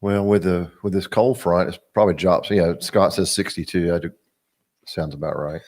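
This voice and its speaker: A plainspoken man with a notably low voice, chatting about fishing in a matter-of-fact way. His delivery is relaxed and conversational. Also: moderate pace. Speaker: guest angler. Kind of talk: casual chat.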